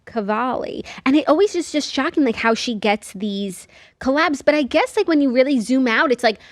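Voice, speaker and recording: Chatty, higher-voiced woman co-host. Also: animated, moderate pace, no echo, clean studio sound. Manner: chatty, lots of "like" fillers. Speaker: podcast co-host. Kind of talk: casual chat.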